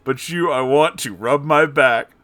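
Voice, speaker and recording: A man's voice: mid-range voice, a little slow, a bit bright, no echo, lightly acted. A man singing as a swaggering cartoon cat rocker. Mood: boastful. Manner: sing-song, swaggering, cracking into giggles. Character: boastful male cartoon cat rock star. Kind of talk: comic sung reading.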